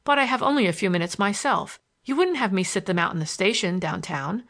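A woman reading a storybook, voicing a bold young gentleman who talks with confident, teasing assurance. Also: mid-range voice, lively intonation, fairly quick, creaky. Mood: earnest. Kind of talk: audiobook character voice.

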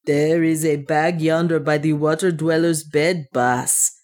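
A loyal dwarf servant speaks plainly and calmly, as a woman reader puts him on. His voice sits low and even. He stays steady and matter-of-fact. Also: unhurried.

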